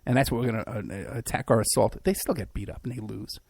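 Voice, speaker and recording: A man's voice: medium pitch, fast talker, vocal fry, darkish tone, slightly rough, dry recording. A man hosting a podcast who also works as a private investigator. He talks in a rambling, sarcastic way, with many fillers and restarts. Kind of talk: casual mocking commentary.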